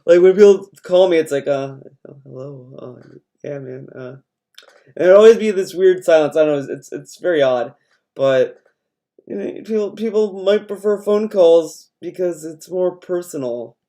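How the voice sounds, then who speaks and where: A man's voice: high-pitched, normal speed, mellow. A young adult man streamer ranting in casual chat, swearing often and rambling as he talks. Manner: profane, rambling rant.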